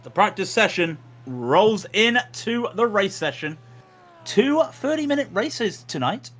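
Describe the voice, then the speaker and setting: A man's voice: high voice, sing-song, measured pace, fairly bright tone. A man giving chatty, jokey commentary on a sim racing livestream, with frequent restarts.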